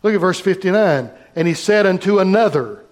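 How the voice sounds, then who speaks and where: A man's voice: sits high, lively intonation, fairly quick. A man pastor preaching a sermon, reading scripture aloud and talking directly to his congregation.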